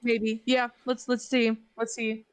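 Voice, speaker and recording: A young woman playing a tabletop game, blunt and excitable in casual chat. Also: on the high side, takes it slowly, dry recording. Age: young adult. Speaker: player.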